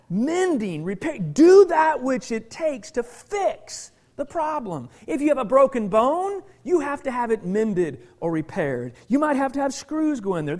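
A middle-aged man preaching a sermon as pastor, folksy and animated, sometimes dropping to a near whisper for emphasis. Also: high voice.

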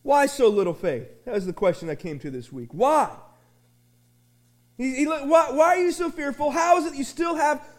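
A man preaching a sermon as pastor of a small church, folksy and rambling, with many restarts and shouted refrains. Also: extremely high pitch, expressive, normal speed.

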